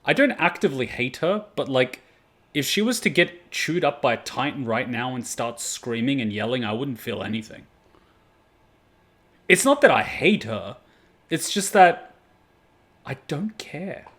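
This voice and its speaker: A young man hosting an anime reaction video, chatting casually with plenty of swearing and sudden loud outbursts. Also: medium pitch, unhurried, long pauses. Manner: profane, animated, breaks into loud outbursts.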